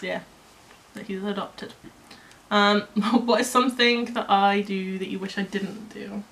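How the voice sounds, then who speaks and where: A woman's voice: mid-range voice, flat delivery, measured pace, vocal fry, fairly bright tone. A woman in casual chat, chatty and asking her partner quiz questions.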